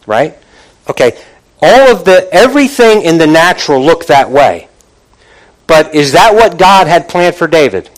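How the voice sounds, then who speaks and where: A man's voice: fairly high pitch, expressive, measured pace, low-quality recording. A man preaching a sermon, retelling scripture in a casual conversational way, often restarting phrases and asking the congregation for responses. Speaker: pastor.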